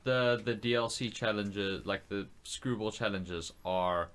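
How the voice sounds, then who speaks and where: A man's voice: lowish voice, unhurried, fairly bright tone, clean tone. A man co-hosting a casual film and gaming podcast, ranting in an exasperated way with lots of fillers. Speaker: podcast co-host.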